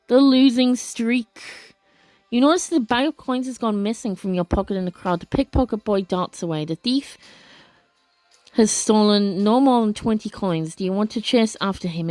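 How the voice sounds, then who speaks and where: A woman with a medium-pitched voice and no echo does casual let's play commentary, reading the game's text aloud. She reacts expressively with gasps and drops chatty asides.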